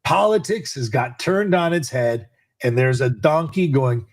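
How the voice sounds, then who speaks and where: A man's voice: medium pitch, a little slow. A middle-aged man hosting a podcast, ranting indignantly in political commentary. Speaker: podcast host.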